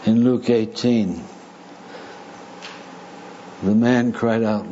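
A man delivers a sermon at a slow, measured pace. His voice sits low and warm, and he speaks deliberately with touches of dry humor. The recording is slightly muffled, with a faint hiss underneath. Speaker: preacher. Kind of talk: sermon with audience discussion.

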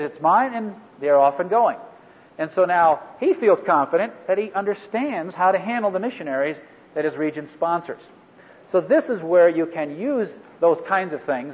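Man teaching in an echoey hall. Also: fairly high pitch. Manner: halting, many fillers and restarts. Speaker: ministry training instructor. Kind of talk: workshop teaching to a live group. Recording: echoey hall over a phone-like line.

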